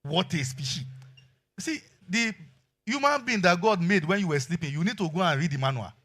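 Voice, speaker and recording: Middle-aged male Nigerian pastor, bright tone, sermon with acted-out anecdotes. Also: sits high, a little fast. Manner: animated storytelling with acted quotes and laughter.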